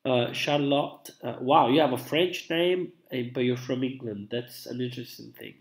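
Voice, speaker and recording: A young Italian man with a medium-pitched, steady voice chats loosely with viewers on a live stream at a moderate pace. He's feeling unwell, and his casual talk rambles along with plenty of fillers and restarts.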